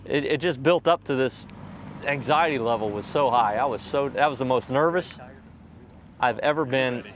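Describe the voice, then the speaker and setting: Man telling animated golf stories. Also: normal speed. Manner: animated, acts out quoted voices with jumps in pitch. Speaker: professional golfer. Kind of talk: candid storytelling interview.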